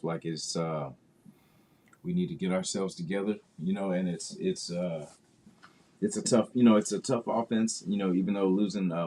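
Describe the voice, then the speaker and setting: A man's voice: low voice, warm tone. A man hosting a casual football podcast, talking in a rambling way with many fillers and restarts. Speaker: podcast host.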